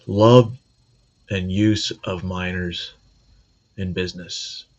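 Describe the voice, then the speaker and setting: A man's voice: low voice, steady tone, takes it slowly, a little mellow, highs cut off. A man hosting a commentary video, talking in a sarcastic, conversational way. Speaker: video host. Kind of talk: commentary monologue.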